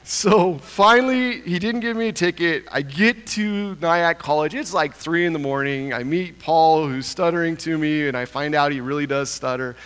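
A pastor from Idaho telling a humorous, self-deprecating story in a sermon. He talks in an animated way and chuckles often. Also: a little high, normal speed, few pauses, clean tone. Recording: long reverb of a large hall.

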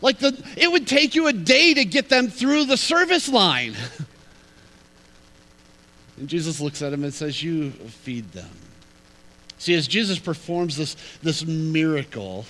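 A man preaching a sermon in an animated, humorous, conversational way. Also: sits high, moderate pace, rough recording. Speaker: pastor.

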